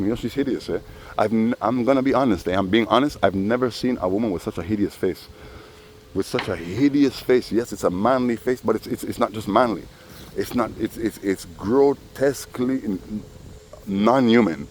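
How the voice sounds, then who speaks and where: A man's voice: sits low, animated, normal speed, a little mellow, a little hiss or hum. A man telling profane, rambling stories full of asides in a personal vlog. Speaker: vlogger.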